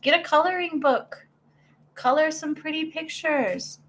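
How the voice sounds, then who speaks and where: A middle-aged woman giving a live-stream spiritual reading, bubbly and excitable, laughing often as she talks. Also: high-pitched, a little slow, slight background noise. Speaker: spiritual medium and healer.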